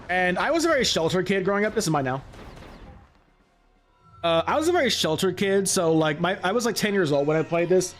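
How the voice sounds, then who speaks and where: A man's voice: high-pitched, fairly bright tone. Rambling young man gaming. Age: late 20s. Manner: rambling and chatty, self-correcting. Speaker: let's play gamer. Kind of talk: casual gameplay commentary.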